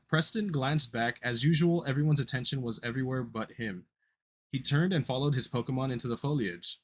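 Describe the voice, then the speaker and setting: Husky man stumbling through a horror read. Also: medium pitch. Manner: stumbling, self-correcting reading. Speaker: podcast co-host reading a creepypasta. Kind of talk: casual read-aloud horror story.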